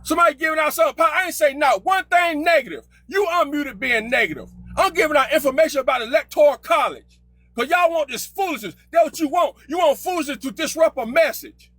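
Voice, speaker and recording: High, sharp-voiced man arguing loudly. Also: a little fast, dry recording. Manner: loud, combative, repeats himself. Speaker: participant in an online group call. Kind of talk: heated argument.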